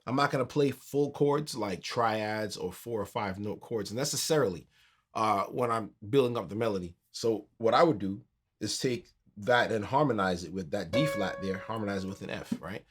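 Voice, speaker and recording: A man teaching a keyboard tutorial in a relaxed, conversational way, counting beats aloud as he plays. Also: fairly low pitch, normal speed, breathy edge. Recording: piano music under the voice.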